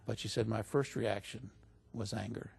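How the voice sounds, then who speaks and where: A man's voice: on the low side, fairly even intonation, normal speed, vocal fry, a little mellow, slightly rough. A man as an interview guest, telling a story in a casual way and lifting his voice when he quotes other people. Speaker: interview guest recounting stories.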